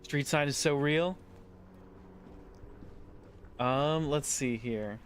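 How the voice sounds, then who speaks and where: A man's voice: on the high side, drawn-out words, slight background noise. A man streaming a game, casually reading dialogue options aloud and commenting.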